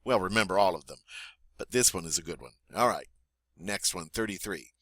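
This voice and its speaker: A man teaching a French vocabulary lesson, saying each word clearly and patiently, then asking the learner to repeat it. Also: low-pitched, animated, fairly quick, a bit bright, no room sound. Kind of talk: spoken language lesson.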